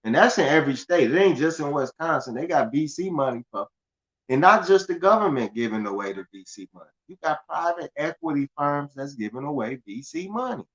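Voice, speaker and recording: Reading news aloud on a casual livestream, this finance channel host speaks a little fast with a fairly high, bright, expressive voice. Loose and conversational, he stumbles, repeats words, and laughs at himself over dull lo-fi audio.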